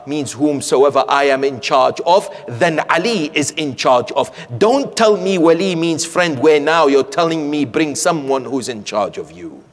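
A man's voice: on the high side, lively intonation, measured pace, few pauses. A man voicing a clever young schoolboy who reasons politely with his teacher, heard in an echoey hall. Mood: earnest.

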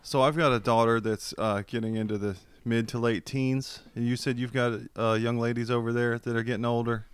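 A man's voice: mid-range voice, little pitch movement, brisk, hardly any pauses, clean tone, no echo. A man, a comedian telling stories in casual podcast chat and laughing often. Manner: jokey storyteller, laughs often. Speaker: comedian guest.

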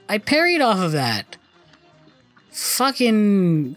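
A man's voice: fairly high pitch, animated, unhurried, pauses often. Young man, casual gameplay commentary, frustrated cursing, game music behind. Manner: frustrated, swearing, muttering.

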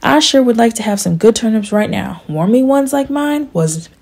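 Self-pitying old farmer, read by a woman, pleading, husky and gravelly. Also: fairly high pitch, expressive, normal speed, darkish tone. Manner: pleading, complaining delivery. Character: aging male poor farmer, self-pitying and whiny.

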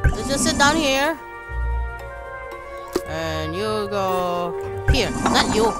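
A woman's voice: mid-range voice, big pitch swings, drawn-out words. A woman commenting on a game she plays, sick and coughing, muttering to herself in exasperation. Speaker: let's play gamer. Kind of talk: casual gameplay commentary. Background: loud game music.

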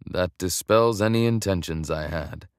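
A man's voice: sits low, a little slow, clear, resonant tone, no room sound, clean studio sound. A man voicing a blunt, honorable former soldier in his late twenties who speaks tersely. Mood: steady.

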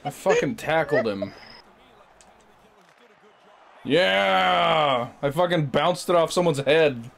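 A young man in casual gaming chat with friends, excitable and swearing at the game over headset voice chat. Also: fairly high pitch, a little slow, vocal fry, a little hiss or hum. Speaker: gamer.

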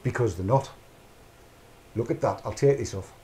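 A middle-aged man hosts a podcast as a casual, rambling chat, his mid-range voice dark in tone and moving at a moderate pace. He speaks off the cuff, narrating his own actions aloud as he goes.

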